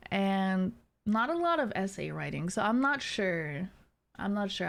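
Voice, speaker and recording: A young adult woman streamer chatting casually with viewers, laughing often and teasing. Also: mid-range voice.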